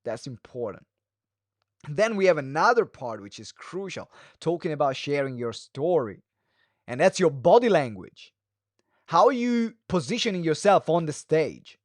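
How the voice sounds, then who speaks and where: A man teaching a live webinar as a speaking coach, talking quickly with many fillers and restarts and shifting his pace and pitch for emphasis. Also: sing-song, no room sound. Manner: fast talker who varies pace and pitch; moves hands and head while talking.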